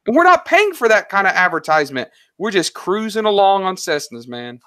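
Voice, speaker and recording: A man on a podcast as a guest, telling stories in lively casual chat that is full of "like" and "right?". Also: high-pitched, brisk, no echo, clean studio sound. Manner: animated storyteller, lots of "like" and "right?". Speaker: podcast guest, online seller.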